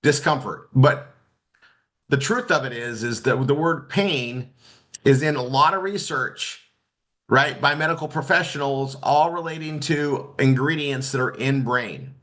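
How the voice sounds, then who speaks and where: A man with a bright, forceful voice coaching students in a loose, off-the-cuff training session. He talks in a rambling way, full of restarts and "you guys" asides. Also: mid-range voice, unhurried. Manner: rambling, many restarts and fillers. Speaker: marketing instructor. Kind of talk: casual training talk.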